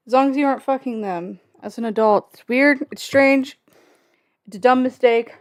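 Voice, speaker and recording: A woman's voice: sits high, normal speed, dry recording, studio quality. A young woman hosting a casual livestream from home, rambling and joking with plenty of swearing and filler words. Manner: profane, jokey, rambling with many fillers. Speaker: livestream host.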